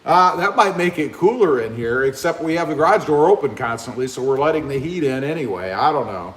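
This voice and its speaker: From an open garage with a fan running, a man hosts a casual livestream on his cell phone camera, greeting viewers by name and reading their comments. His voice sits on the high side, lively and a little fast, with a roomy sound.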